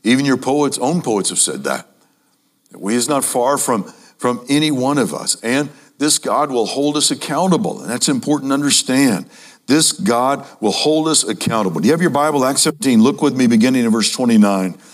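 A man preaching a sermon to a congregation, emphatic, repeating key phrases and speaking to the audience as ladies and gentlemen. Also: medium pitch, animated, fairly quick.

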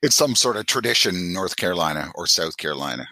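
A deep-voiced man from Canada trading jokes on a podcast, his pitch jumping around as he acts out other people's lines. His tone is bright and edgy, and the close mic sounds dry with no room echo. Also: animated, fast. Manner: jokey, laughs often, acts out quoted voices. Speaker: podcast co-host. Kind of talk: casual chat.

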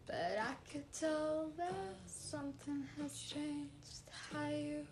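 A woman's voice: high-pitched, slow pace, noisy background. A woman casually singing along to backing tracks in a playful, unpolished amateur way. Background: backing music.

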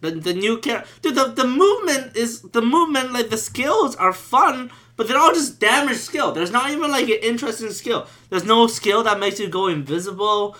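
A man's voice: very high-pitched, expressive, normal speed, hardly any pauses, bright, forceful tone. A man talking about a video game in a casual, profane rant, full of restarts and repeated words. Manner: profane, ranting, frequent restarts. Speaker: gaming commentator.

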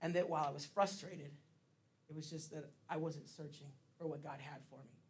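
A man's voice: on the high side, steady tone, brisk. A man giving a casual sermon as pastor, chatty and laughing often, with plenty of fillers.

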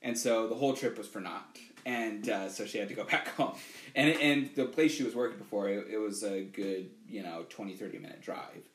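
A man's voice: fairly low pitch, brisk, a bit bright, slight background noise. A man chatting casually as a podcast co-host, speaking earnestly and leaning on "you know" as he talks about parenting. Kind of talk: casual chat. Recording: echoey room.

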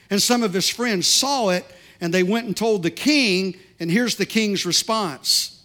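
A man's voice: extremely high pitch, pushed and bright. A man preaching a sermon as pastor, building to fervent repeated declarations. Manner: preaching with rising fervor, repetitive declarations.

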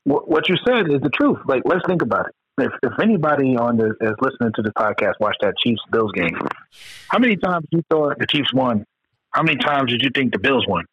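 A man's voice: medium pitch, a little fast, breathy edge, no room sound, dull audio. A man co-hosting a casual sports podcast, getting worked up as he acts out his own reactions to games. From Georgia, US. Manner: excitable, acts out game reactions. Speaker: podcast co-host.

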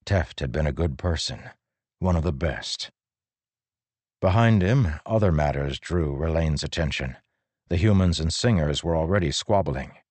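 A man doing scripted narration of an audiobook in a steady, unhurried way. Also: rumbling low, no room sound.

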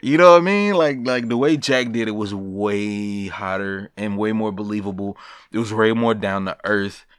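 A man hosting a solo podcast, talking in a blunt, profane, animated way and laughing between rants. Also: on the low side, moderate pace, clear, resonant tone, no echo, clean studio sound. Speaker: podcast host. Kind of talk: casual solo podcast rant.

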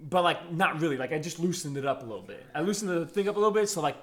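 Brief: young guy, high and animated voice, bright tone, slangy storyteller. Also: very fast. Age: 20s. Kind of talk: casual chat.

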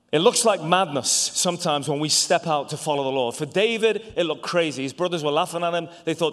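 A male evangelist preaching in a large hall with a long, trailing reverb. His voice sits a little high for a man. He is animated, stumbles through restarts, and swings from hushed asides to loud bursts. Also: fast talker, hardly any pauses. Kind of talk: sermon.

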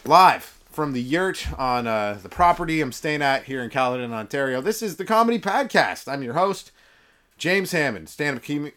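In a yurt out on a rural property, a young stand-up comic who hosts a casual comedy podcast riffs through a loose, rambling monologue. His hoarse voice is fairly high, and his delivery is jokey and animated, thick with fillers and restarts.

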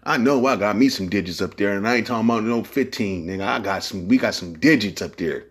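A man's voice: on the low side, fast, fairly bright tone, slightly rough. Give me a man hosting a podcast in a loose, profane monologue. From San Francisco Bay Area. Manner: profane, rambling, streetwise slang. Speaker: podcast host.

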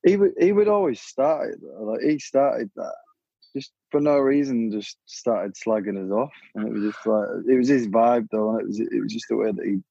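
A man's voice: mid-range voice, normal speed, gravelly, dark tone, breathy edge, no echo, muffled recording. A man, a guest musician, chatting casually in a laid-back, offhand way, his sentences trailing off. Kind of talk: casual chat.

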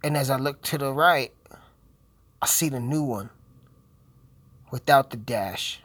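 A young man who is high, rambling through casual commentary while swearing and joking constantly. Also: unhurried, a bit bright, husky, no room sound. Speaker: video host.

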